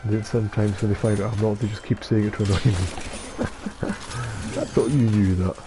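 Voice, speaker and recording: Over music and loud game sound, this nineteen-year-old Scot streams a game and chats late into the night in a fairly low, steady, brisk voice. He sounds dopey, rambles, trips over words and puts himself down.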